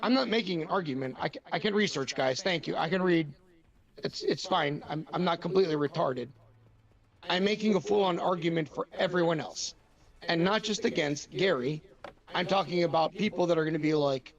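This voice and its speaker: A man's voice: a little high, a little fast, highs cut off. A man speaking as a guest on a live stream, blunt and argumentative, openly frustrated at being misunderstood.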